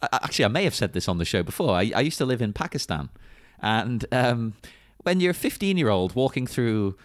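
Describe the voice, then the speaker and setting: A man's voice: mid-range voice, a little fast, no room sound, studio quality. A man from England chatting casually on a podcast, joking and laughing often as he talks. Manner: animated, laughs often, jokey asides. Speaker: podcast co-host. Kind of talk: casual chat.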